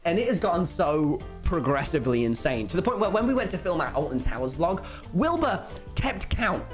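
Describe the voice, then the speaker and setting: A teenage boy with an English accent telling a rambling story, excitable, swearing often and tripping over his words. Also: on the high side, a little fast. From England. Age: teens. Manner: excitable, swears a lot, stumbles and restarts. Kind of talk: animated story-time narration. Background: background music.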